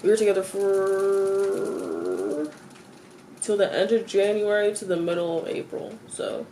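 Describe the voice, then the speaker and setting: A teenage girl venting in a confessional vlog. She stops and restarts her sentences, repeats herself, swears freely, and her voice jumps high when she gets exasperated. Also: lively intonation, measured pace, mellow, slight background noise. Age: teens.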